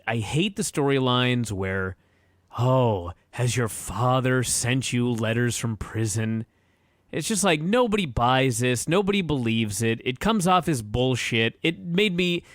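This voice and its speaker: A man's voice: medium pitch, sing-song, moderate pace, hardly any pauses, a bit bright, no room sound. Opinionated podcast guy ranting, blunt, swears a bit, dry sound. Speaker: podcast co-host. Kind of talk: opinionated casual chat.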